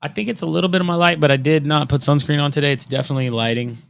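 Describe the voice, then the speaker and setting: A man's voice: on the high side, very fast, gravelly, clear, resonant tone. A man in his thirties co-hosting a podcast over a video call, rambling in casual chat and slipping into silly accents. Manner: rambling, animated, likes doing silly accents. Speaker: podcast co-host. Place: home room.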